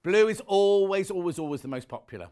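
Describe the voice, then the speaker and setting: A man presenting on a shopping channel, talking in a rapid, chatty sales patter that often corrects itself, a bit out of breath, recorded on a lapel mic in a TV studio. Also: high-pitched, expressive, darkish tone, clean tone. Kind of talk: live TV sales pitch.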